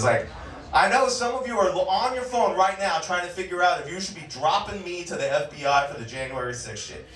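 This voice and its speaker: A man's voice: high-pitched, a bit bright. A man in his forties from California doing a crude, profane stand-up set, often laughing at his own jokes. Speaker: stand-up comedian. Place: comedy club stage. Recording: roomy club sound, mic far off.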